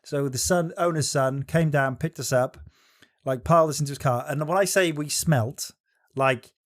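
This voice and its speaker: A man's voice: a little high, normal speed. Man telling a profane travel story. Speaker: podcast co-host. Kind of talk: casual podcast chat.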